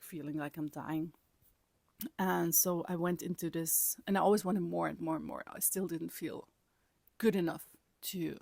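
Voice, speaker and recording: A woman casually telling a personal story in her vlog, rambling and animated, often laughing and sometimes dropping to a whisper. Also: low-pitched, gravelly, no room sound. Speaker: vlogger.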